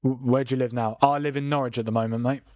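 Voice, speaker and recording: An excitable young man talks through a live football stream, reacting to viewers and swearing under his breath. His voice is middle-pitched and sits close and dry on the mic. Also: racing, no room sound. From England. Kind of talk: casual live stream chat. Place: home room with windows, rain outside.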